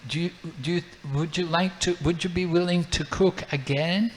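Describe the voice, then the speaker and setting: A man's voice: sits high, steady tone, moderate pace, slight background noise, pitched above the performer's own voice, close to an everyday voice. A man voicing a pleading, apologetic father and mother in a told story.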